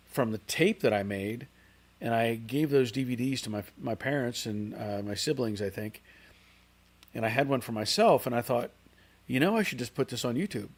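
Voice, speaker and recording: A middle-aged man hosting a car channel livestream in casual, rambling chat, reading out viewer comments. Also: medium pitch.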